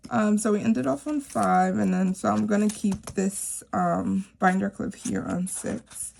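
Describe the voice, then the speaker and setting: Chatty lady vlogging her savings, lots of "like"s, super gravelly voice. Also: mid-range voice, steady tone, a little slow, a little mellow, a little hiss or hum. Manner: chatty, rambling with many "like"s. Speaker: teacher. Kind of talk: casual chat to camera.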